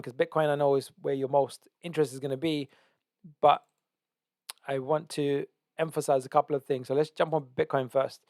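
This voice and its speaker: A man's voice: fairly high pitch, darkish tone, dry recording. A man with a slightly raised voice runs through market charts as host of his own channel. He talks eagerly and with emphasis, often doubling back and repeating phrases. The sound is dry, with no room around it. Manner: enthusiastic, emphatic, repeats himself and restarts often. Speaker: trading analyst and channel host. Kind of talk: casual market analysis over charts.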